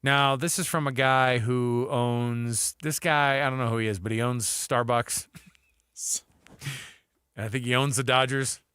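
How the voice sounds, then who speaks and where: A man's voice: mid-range voice, steady tone, measured pace, sharp tone, clean tone, dry recording, studio quality. A man hosting a sports radio show, joking and wry in casual banter with his co-host. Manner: joking, wry, reads quotes aloud in mock voices. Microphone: studio microphone, dry.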